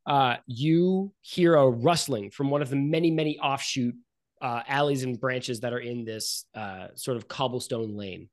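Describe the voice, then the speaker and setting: A man's voice: medium pitch, a little slow. A man narrating as game master in a casual, rambling way, full of likes and uhs.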